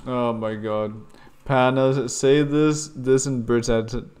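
A man's voice: mid-range voice, fairly even intonation, unhurried, a little mellow, a little hiss or hum. A young man streaming a block-building game, grumbling and swearing while stumbling over repeated words. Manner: stammering restarts, swearing, grumbling. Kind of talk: casual gaming commentary.

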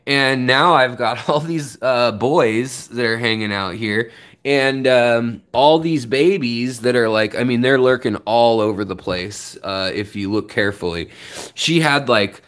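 A man's voice: medium pitch, measured pace, a bit bright. A man with a mid-range voice chats loosely on a fish-keeping live stream. He rambles between stories and greets chatters one by one in a friendly, easygoing way. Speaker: aquarium live stream host. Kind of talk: casual live stream chat.

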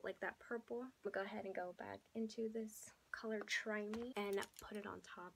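A young woman with a hoarse voice, chatting casually as a beauty vlogger through a makeup tutorial and often dropping into soft half-whispered asides. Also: fairly high pitch, slight background noise, rough recording. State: hoarse, losing her voice.

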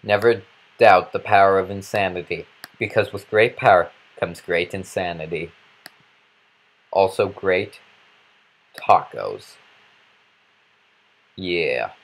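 A man's voice: low-pitched, fairly even intonation, a little slow. A man giving goofy, rambling commentary while playing a video game, breaking into random outbursts. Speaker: let's play commentator.

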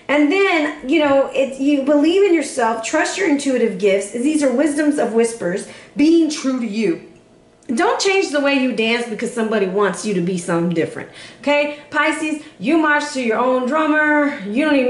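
A woman giving a casual, playful tarot reading to camera, chatty and quick to laugh. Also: sits high, echoey room. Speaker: tarot reader.

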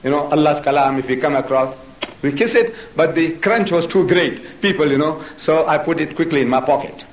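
A man with a high-pitched voice lectures forcefully, hammering his points with rhetorical questions. He is captured from a distance in a roomy, echoing hall, as at a public lecture. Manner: emphatic, rhetorical questions to the audience. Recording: echoey hall, voice from far off.

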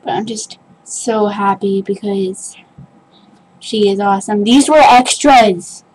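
A woman's voice: mid-range voice, slow, a little mellow, husky, poor audio. A young woman opening a package on her vlog, gushing, gasping and squealing with delight. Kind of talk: excited unboxing vlog.

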